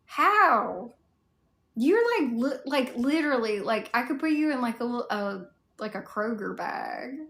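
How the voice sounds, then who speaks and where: A Southern US woman rambles through a relaxed livestream chat, answering her viewers one comment at a time with a steady stream of "like" fillers. Her voice has a gravelly fry to it. The sound carries a roomy echo. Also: fairly high pitch, a little slow.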